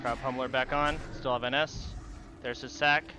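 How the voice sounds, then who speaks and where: A man's voice: medium pitch, steady tone, moderate pace, noisy background. A man streaming a game duel, muttering and swearing in frustration as he plays. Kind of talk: live gameplay commentary. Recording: game music behind voice. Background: game music.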